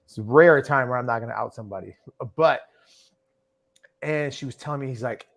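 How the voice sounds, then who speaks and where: A man's voice: medium pitch, a little fast, gravelly, a bit bright. A man hosting a podcast, telling stories loosely and chattily, often asking "right?". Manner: loose, chatty, frequent "right?" and "you know". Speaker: podcast host. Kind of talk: casual podcast storytelling.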